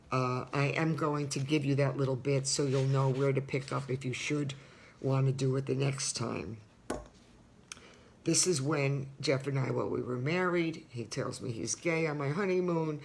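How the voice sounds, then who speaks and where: A woman's voice: a bass voice, creaky, a little mellow, slight background noise. An older woman reading her personal memoir aloud, stopping for casual asides to the listener and marking each bit of dialogue by saying quote and end quote.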